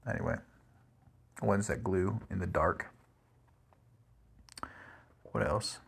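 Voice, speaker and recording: A man's voice: low-pitched, takes it slowly, creaky, husky. A man telling rambling everyday stories in a casual monologue, full of "like" and "crazy". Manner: rambling, animated, lots of "like" and "crazy".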